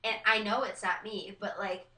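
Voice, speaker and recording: Young woman guest, bright voice, chatty storyteller, heard off-mic in an echoey room. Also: medium pitch, fairly even intonation, normal speed, distant mic. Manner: chatty storyteller with lots of likes and ums. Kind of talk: casual podcast chat.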